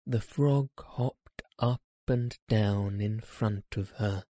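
A man reading a children's story aloud in a gentle, measured way. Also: fairly low pitch, no room sound, studio quality.

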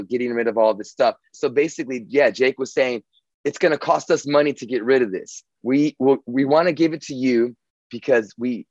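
A man's voice: medium pitch, darkish tone, no echo, lo-fi sound. A man casually telling a long story, rambling and swearing, with many restarts. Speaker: guest telling his story.

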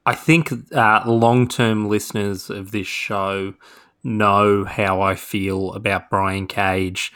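A man's voice: lowish voice, fairly bright tone. A man co-hosting a podcast in casual chat, making dry, wry jokes between many fillers. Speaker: podcast co-host.

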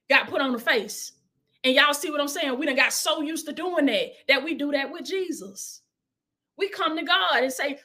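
Woman, sermon, high voice, call-and-response, hushed prayerful asides. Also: lively intonation, moderate pace. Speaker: preacher.

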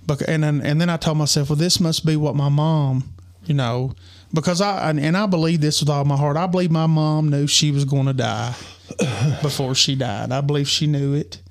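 Podcast co-host: man, slightly high voice, earnest and halting storyteller. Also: fairly even intonation. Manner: earnest, halting, many restarts. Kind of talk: personal storytelling.

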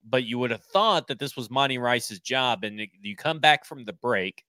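A man's voice: mid-range voice, expressive, moderate pace, pushed and bright, dry recording, studio quality. A man co-hosting a sports podcast, talking in a blunt, opinionated, casual way and swearing now and then. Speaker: podcast co-host.

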